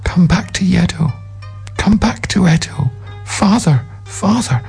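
A man voicing a gentle young girl who returns as a pitiful ghost, with a thin, quavering, pleading voice in a storybook reading. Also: high voice, lively intonation, unhurried, creaky, slightly rough, soft background music, pitched above the performer's own voice, heavily acted.

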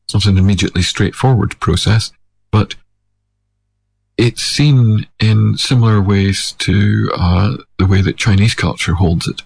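A man musing in a measured, digressive monologue. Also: on the low side, gravelly, husky. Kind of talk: reflective monologue.

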